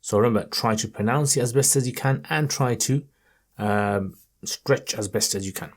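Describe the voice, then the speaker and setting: A man in a mid-range voice leads a Quran reading lesson, addressing the viewers directly and cheering them on. When he recites, he stretches the sounds slowly and with care. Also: mid-range voice. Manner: slow, stretched chanting in recited passages.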